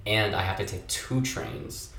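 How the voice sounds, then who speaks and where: Young male podcast host, low-pitched, casual and profane, echoey recording. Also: unhurried, a little hiss or hum. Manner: relaxed, profane, lively storyteller. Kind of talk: casual chat.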